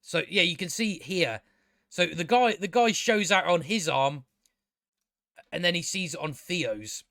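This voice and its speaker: A man's voice: high voice, expressive, a little slow, creaky, pushed and bright, dry recording, studio quality. A man giving a casual, ranting review of a show, blunt, sarcastic and profane, often restarting his sentences.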